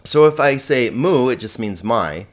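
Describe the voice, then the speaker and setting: A man teaches a recorded lesson in a voice of middle pitch. He explains patiently and slowly, stopping to put questions to his students. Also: animated. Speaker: Greek teacher.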